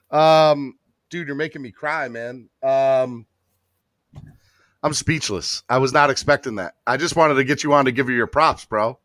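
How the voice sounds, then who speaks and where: Excitable man hosting a live sports podcast. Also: mid-range voice, a little slow, no echo, clean studio sound. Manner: excitable, emotional, lots of fillers and restarts. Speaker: podcast host. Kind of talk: casual live-stream chat.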